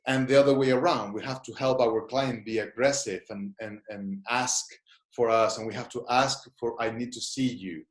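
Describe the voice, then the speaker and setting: A man's voice: medium pitch, fairly even intonation, normal speed. A man who is a therapist, giving an online seminar. He explains things thoughtfully and invites listeners to try short exercises. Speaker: gestalt therapist teaching a seminar. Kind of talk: online webinar lecture. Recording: roomy echo.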